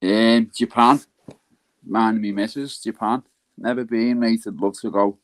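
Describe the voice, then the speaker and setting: A man's voice: on the low side, a little slow, no echo. Laid-back man, dry sound. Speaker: guest. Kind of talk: casual chat.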